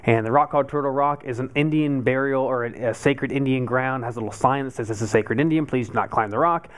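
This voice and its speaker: A man's voice: medium pitch, fast talker. A man in his thirties telling a personal story to a live group, acting out his own past panic as he goes. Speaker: meetup speaker.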